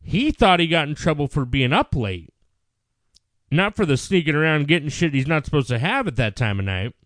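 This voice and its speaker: Middle-aged man, casual podcast chat, swearing a lot, fairly high voice, dry sound. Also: normal speed, no echo. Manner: profane, animated storyteller.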